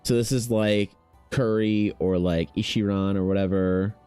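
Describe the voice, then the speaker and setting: 느긋하고 말투가 거리낌 없는 남자. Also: male voice, on the low side, steady tone, unhurried, dark tone, smooth, faint music behind. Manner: laid-back, slangy, rambling. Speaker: streaming artist. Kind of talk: casual chat on a livestream.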